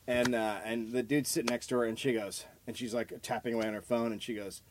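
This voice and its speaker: A man in his thirties, a podcast host, telling a profane, animated story in casual chat. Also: medium pitch, fast, a little hiss or hum.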